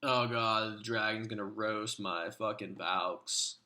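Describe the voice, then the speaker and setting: A man's voice: on the low side, fairly even intonation, takes it slowly, sharp tone, exaggerated voice. A man doing a cursing, exhausted young gamer. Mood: panicked. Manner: swearing, groaning play-by-play.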